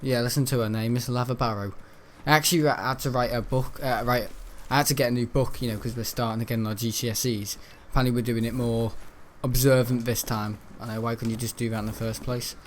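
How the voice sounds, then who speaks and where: A man's voice: mid-range voice, fairly even intonation, fast talker, few pauses, slight background noise. A seventeen-year-old boy, rambling and grumbling through casual gameplay commentary. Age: teens. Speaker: gaming channel host.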